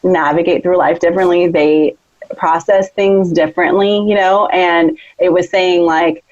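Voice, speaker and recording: A woman in her thirties co-hosting a casual podcast chat, telling a family story with lively acted-out quotes. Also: a little slow, dry recording, lo-fi sound. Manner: animated storytelling, acts out quotes with big pitch jumps. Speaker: podcast co-host.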